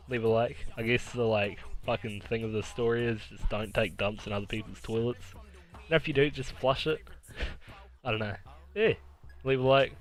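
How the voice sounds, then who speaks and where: A man swapping a story straight to camera, loose and casual, with swearing scattered through it and laughter breaking in. His voice sits at an ordinary middle pitch for a man, neither deep nor high. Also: fairly bright tone. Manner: profane, laughs through the telling. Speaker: vlogger.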